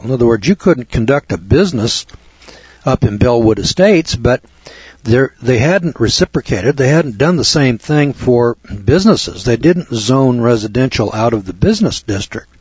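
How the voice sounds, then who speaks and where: A man's voice: mid-range voice, a little mellow, husky, no room sound, lo-fi sound. A man telling a folksy anecdote to an audience in a conversational way, repeating phrases for emphasis. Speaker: storyteller addressing an audience.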